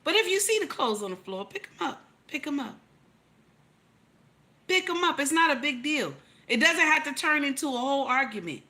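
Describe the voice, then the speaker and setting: A woman giving animated relationship advice, emphatic and repetitive, firing rhetorical questions at her audience. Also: high-pitched, brisk, few pauses. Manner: emphatic, repeats lines for effect, teasing rhetorical questions. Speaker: relationship commentator.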